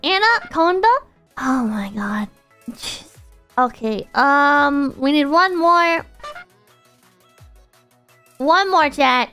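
Very high-pitched, bright-voiced woman streamer. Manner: excitable and profane, swinging between loud outbursts and deflated mutters. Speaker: live streamer. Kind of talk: casual live-stream chat with viewers.

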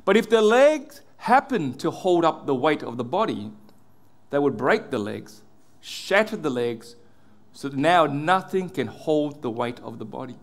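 A man's voice: very animated, unhurried. Earnest male pastor preaching. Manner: earnest preaching, drops low and soft on key words. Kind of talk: sermon.

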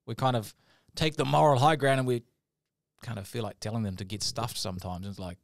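Energetic New man hosting a podcast. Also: medium pitch, fairly quick, vocal fry, dry recording, clean studio sound. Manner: energetic, acts out quoted voices. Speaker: podcast host. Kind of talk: casual podcast chat.

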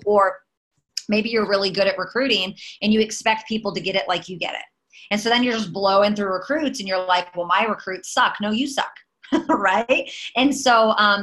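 Bright, animated woman in a casual talk. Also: medium pitch, rough recording. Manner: animated, emphatic, chatty with many fillers. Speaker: network marketing leader.

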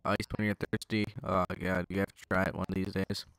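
A young man riffing his way through a gameplay session, rambling and cursing and heckling whoever is on screen. His voice sits fairly low and comes through smooth and clean on a headset mic. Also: little pitch movement, brisk, fairly bright tone, dry recording. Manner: rambling, joking, swearing, talking to enemies. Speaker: gaming channel host. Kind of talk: casual gameplay commentary. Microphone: gaming headset.

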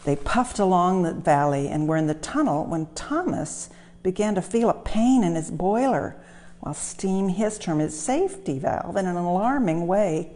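A woman reading a children's story aloud as a museum storyteller, gentle and expressive. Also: on the low side, normal speed. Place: railway museum.

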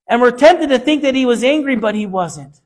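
A man's voice: very high voice, animated, brisk. A male pastor preaching a sermon with an emphatic, repetitive cadence.

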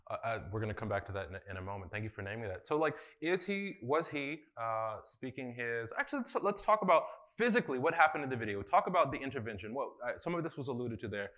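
A man's voice: medium pitch, sing-song, fast, hardly any pauses, a bit bright. A man facilitating a conference workshop, talking casually with many fillers and putting questions to the audience in a conference room.

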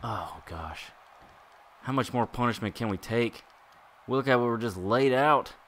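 A man giving excitable live commentary while playing a wrestling video game, groaning and exclaiming at each turn. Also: mid-range voice, a little slow, slight background noise. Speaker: gaming YouTuber.

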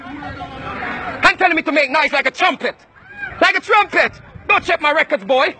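A man from Jamaica, ranting and shouting confrontationally at people outdoors. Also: very high-pitched, moderate pace, a faint crowd.

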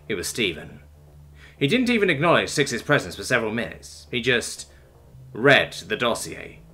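Male narrator for sci-fi fiction; breathy tone, animated storytelling. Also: medium pitch.

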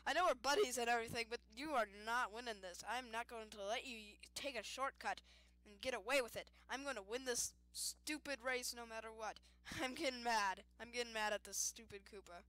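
Excitable young woman gaming commentator. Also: on the high side, fairly quick, no echo. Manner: excitable, yelling at the game; self-mocking with frequent giggles. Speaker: gaming youtuber. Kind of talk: casual let's-play commentary.

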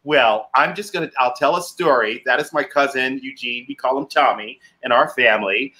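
This chatty, enthusiastic host of a casual online chat show reads out comments from viewers. He speaks at a moderate pace with a medium pitch and a sharp tone.

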